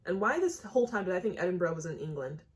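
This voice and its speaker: American woman, young adult, low-ish voice, chatty exclaiming reaction host. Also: sing-song, quick pace, slight background noise. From United States. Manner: chatty, exclaiming, asks questions aloud. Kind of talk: casual reaction commentary.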